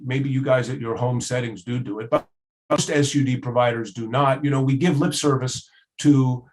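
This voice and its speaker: A man giving a training lecture, talking through points in a conversational way with frequent fillers and listing items one by one. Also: medium pitch.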